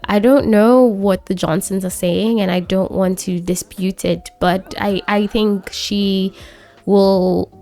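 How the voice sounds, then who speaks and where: An affectionate young girlfriend from a life-sim game, as a woman puts on her lines in her own voice. The tone is warm and low-key with a creaky edge, and faint music plays underneath. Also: fairly even intonation. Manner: casual, quick paraphrased dialogue.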